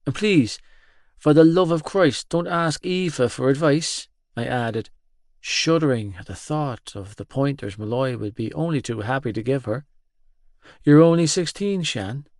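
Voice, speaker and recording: Slow, dry-voiced male audiobook narrator. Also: mid-range voice, dry recording. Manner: gruff, awkward, swearing. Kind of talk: first-person audiobook narration.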